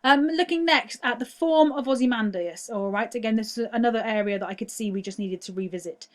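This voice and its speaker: A woman's voice: a little high, brisk. A young woman teaching a recorded online lesson, patient and explanatory, often checking "all right?" with many ums.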